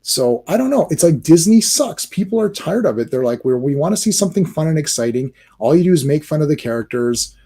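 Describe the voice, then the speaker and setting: A man's voice: a little high, very animated, brisk, few pauses, warm tone, breathy edge. A man hosting a casual livestream, ranting animatedly about movies with many restarts and fillers. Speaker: livestream host.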